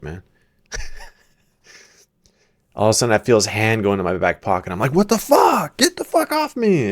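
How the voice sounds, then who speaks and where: A man hosting a reaction video, telling loose, profane anecdotes in a casual chat. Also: sits low. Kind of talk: casual storytelling commentary.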